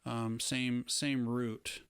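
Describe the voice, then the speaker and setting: A man's voice: medium pitch, little pitch movement, extremely slow, clear, resonant tone, no echo, studio quality. A man co-hosting a casual podcast chat, enthusiastic and swearing casually. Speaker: podcast co-host.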